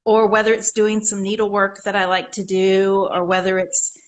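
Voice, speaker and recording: A woman guest speaks over a video call at a mid-range pitch, in the manner of casual conversation. She sounds earnest and affirming as she lays out her points one by one. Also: completely flat delivery, moderate pace, poor audio. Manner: earnest and affirming, listing goals and quoting scripture.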